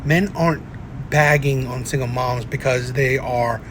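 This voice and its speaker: A man's voice: medium pitch, a little slow, background noise. A man hosting reaction commentary, ranting and tagging his points with "right?". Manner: ranting, keeps asking "right?". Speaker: commentary host. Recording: echoey room.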